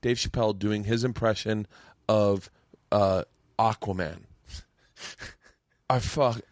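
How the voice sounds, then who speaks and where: A man hosting a casual podcast chat with a fellow comedian, telling stories in an animated, swearing way with stammering restarts. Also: fairly low pitch, slow pace, dry recording, clean studio sound. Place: home mancave.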